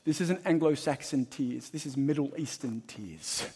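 A man preaching a sermon as pastor, emphatic and shifting between loud and hushed. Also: on the high side, a little slow, few pauses, husky. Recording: long hall reverb.

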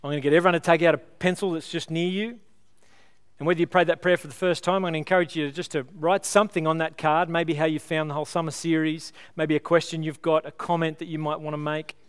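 Aussie pastor giving a sermon, earnest and pleading, clear smooth voice, bit higher than most guys. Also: male voice, flat delivery. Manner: earnest, pleading, builds with illustrations then slows to prayer. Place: church service.

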